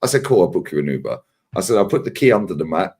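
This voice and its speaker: A man's voice: low voice, fast, breathy edge. A man, telling stories on a fan livestream, swearing often and acting out what others said. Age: 40s. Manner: animated, swears freely, acts out others' lines. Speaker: regular guest on a fan livestream. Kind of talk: casual storytelling chat.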